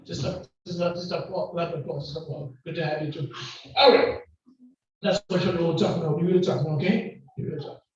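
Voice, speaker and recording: A man with a Grenadian accent preaching a lively sermon and joking back and forth with the congregation. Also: a little high, normal speed. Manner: loud, call-and-response, joking with the congregation. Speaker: guest preacher. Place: church hall. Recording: distant, echoey and muffled hall recording.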